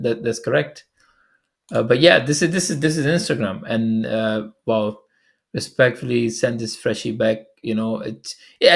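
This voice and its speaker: Young man, gravelly, mid pitch, casual commentary, reads out comments, laughs a lot. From Pakistan. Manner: chatty, laughs often, reads comments aloud with quick asides. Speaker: online commentator.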